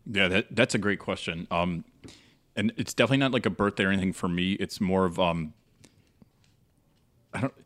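Male podcast host, low voice, giggly and rambling. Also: brisk, pauses often, a bit bright. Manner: laughs often, rambling. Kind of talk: casual chat.

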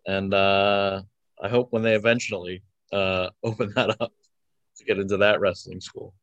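A young man with a lowish voice talks through his answers casually, stopping often on fillers and chuckling now and then. The sound is dry and close, with no room around it. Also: level tone, moderate pace, dry recording, lo-fi sound. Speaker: wrestler guest.

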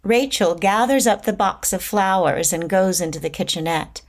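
A woman reading stage directions in a plain, measured narration. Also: medium pitch.

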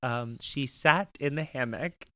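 Bright-voiced teasing male host. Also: mid-range voice, measured pace, no echo, clean studio sound. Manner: teasing, laughs easily. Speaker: podcast host. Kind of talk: casual chat and scripted intro.

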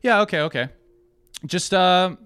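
A man's voice: high-pitched, a little slow, fairly bright tone, clean tone, pitched above the performer's own voice. A man voicing a tall, joking female farmhand from New Zealand, with a put-on New Zealand accent and a casual, teasing drawl.

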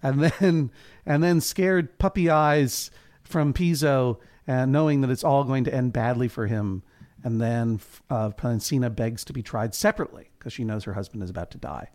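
A man's voice: medium pitch, normal speed, a little mellow. A man co-hosts a comedy podcast that recaps a television drama. He talks in a wry, playful way. Now and then he jumps briefly into character voices for the scenes he retells. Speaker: podcast co-host.

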